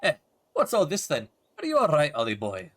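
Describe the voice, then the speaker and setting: A cheeky little fairy sidekick from a fantasy game, loud and scolding with lots of slang, as a man acts it out. His voice sits higher and punchier than the man's own, and it is bright and forceful. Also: huge pitch swings, slow pace, husky, heavily acted. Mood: brash. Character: cheeky, brash little male fairy companion.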